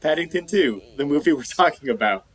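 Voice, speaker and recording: A man co-hosting a casual movie chat, talking in halting phrases with lots of fillers. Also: a little high, expressive, low-quality recording. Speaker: podcast co-host.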